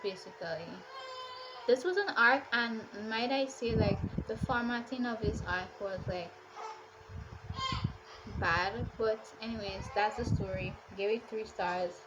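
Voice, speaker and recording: Slow-talking woman doing a book wrap-up, lots of "like", clear hiss behind her. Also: mid-range voice. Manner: chatty, exasperated rhetorical questions, frequent "like". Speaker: book reviewer. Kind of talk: casual book wrap-up chat.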